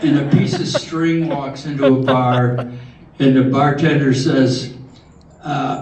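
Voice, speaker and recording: An older man telling corny jokes at a talent show in a slow, halting way, often restarting his words. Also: mid-range voice, steady tone. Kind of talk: stand-up joke telling. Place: large hall with live audience. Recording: echoey hall from far off, audience noise.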